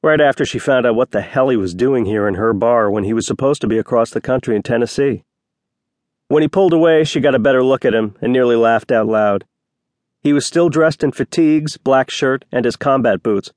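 A man narrating a romance novel as an audiobook reader, voicing each character with slight shifts of pitch. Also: brisk, darkish tone, dry recording, clean studio sound. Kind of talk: scripted narration.

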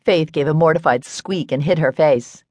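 A woman narrating a romance audiobook in an even, steady storytelling manner. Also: low-pitched, moderate pace, dry recording. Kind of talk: scripted narration.

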